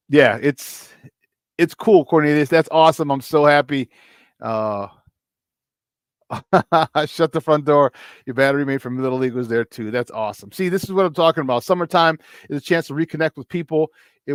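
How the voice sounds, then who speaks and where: A man's voice: mid-range voice, no echo. Male morning sports-talk host, mid-range voice, chatty and upbeat, dry close sound. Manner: upbeat, chatty, repeats words, laughs often.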